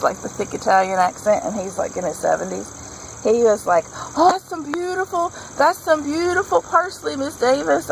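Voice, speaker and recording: A woman's voice: on the high side, slight background noise, poor audio. A woman vlogger chatting casually and enthusiastically while she works on a patio garden, rambling from one thought to the next. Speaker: homesteading vlogger.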